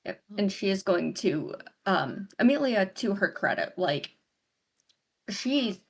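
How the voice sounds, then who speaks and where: A woman's voice: medium pitch, very animated, takes it slowly, gravelly, breathy edge. A woman in a tabletop game, thoughtfully narrating her character tending a wound. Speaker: player. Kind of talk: casual tabletop play narration.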